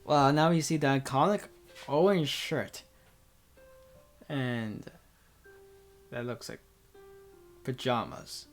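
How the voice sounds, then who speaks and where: A woman reading a visual novel aloud and commenting, halting and stumbling over words. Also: a bass voice, soft background music. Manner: halting, with restarts and laughs. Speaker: game reader.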